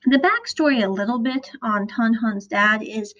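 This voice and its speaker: A woman from the American Midwest, casually recapping a series as a podcast host, animated and chatty as she retells scenes. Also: fairly high pitch, normal speed. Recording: dull lo-fi recording.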